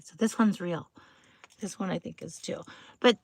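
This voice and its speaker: A woman's voice: mid-range voice, sing-song, measured pace, sharp tone, dry recording. A woman hosting a casual live stream, chatting to viewers in a bubbly way, full of "like" fillers and greetings. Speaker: livestream host.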